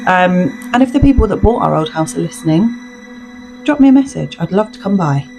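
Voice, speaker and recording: A woman co-hosting a podcast, telling a personal story in a chatty, animated way. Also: on the low side, a little fast, vocal fry, music in the background, rough recording. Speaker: podcast co-host. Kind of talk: casual chat.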